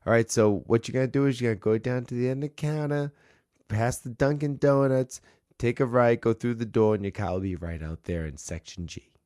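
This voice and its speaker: A man's voice: medium pitch, a little fast, a little mellow, dry recording, clean studio sound, pitched above the performer's own voice, natural voice. A man doing a chatty Boston lady clerk. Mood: brisk. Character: chatty middle-aged Boston woman rental clerk. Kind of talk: impression in an anecdote.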